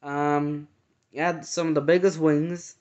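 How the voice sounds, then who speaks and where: Guy telling a dream story real slow, lots of um and like, muffled lo-fi audio. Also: a little high, flat delivery, a little mellow. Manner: halting, earnest, full of fillers and restarts. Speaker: vlogger recounting a dream. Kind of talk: casual personal storytelling. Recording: dull lo-fi sound.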